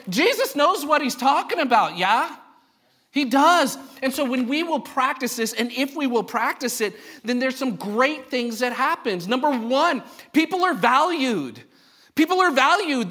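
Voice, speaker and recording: Bright-voiced pastor preaching conversationally. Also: male voice, very high-pitched. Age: adult parent of a young child. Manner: conversational and joking, asks the congregation rhetorical questions. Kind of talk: sermon. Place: church.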